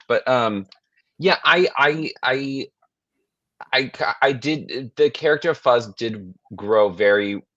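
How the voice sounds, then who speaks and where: Rambling, profane man, low dull-sounding voice. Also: dry recording. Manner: rambling, animated, profane, trailing restarts. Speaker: podcast co-host. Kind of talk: casual chat.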